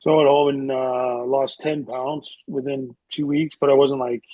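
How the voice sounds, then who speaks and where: Man, husky, middle-aged, from Canada, rambling casual storytelling, dry close sound, dull lo-fi. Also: mid-range voice, little pitch movement, normal speed, warm tone, dry recording. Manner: rambling, lots of "like" and restarts. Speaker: guest, retired hockey player.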